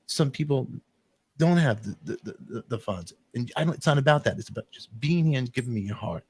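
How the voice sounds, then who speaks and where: A man hosting a talk show, telling an emotional story in a rambling, animated way with sudden jumps in pitch. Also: a little fast, husky, no echo. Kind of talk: emotional casual monologue.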